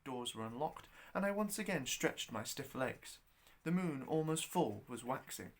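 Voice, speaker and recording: A man reading his own novella aloud as narrator, with an expressive, wry delivery. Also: mid-range voice, moderate pace. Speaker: storyteller.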